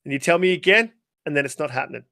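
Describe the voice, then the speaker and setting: A man guest on a gaming interview show, ranting casually and swearing freely in a worked-up, animated way. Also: fairly high pitch, rapid-fire, creaky, dry recording, studio quality. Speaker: guest gamer.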